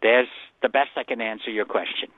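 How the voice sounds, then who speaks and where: Speaking a little fast with fairly even intonation and a medium pitch, a guest scholar fields callers' questions on a radio show. His earnest explanations of scripture keep circling back and starting over, and the phone-line audio is dry with no echo.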